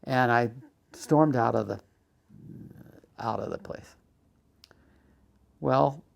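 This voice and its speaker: Casting: older male documentary interviewee, gravelly, mid-pitched, halting storyteller. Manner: halting, full of restarts and fillers. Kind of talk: personal storytelling.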